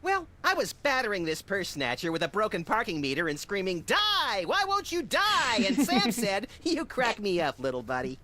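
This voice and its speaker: Manic little creature, bright tense voice, bouncy pitch, wisecracking, gleefully violent. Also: male voice, sing-song, brisk, few pauses, exaggerated voice. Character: manic, gleeful cartoon rabbit-like creature, small and unhinged.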